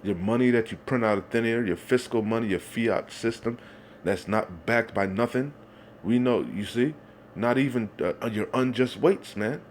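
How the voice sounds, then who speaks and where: A man's voice: medium pitch, moderate pace, a little hiss or hum. A man preaching, reading Bible verses aloud and then commenting on them in a heated, denouncing way, again and again asking "you see?". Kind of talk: street-style scripture preaching.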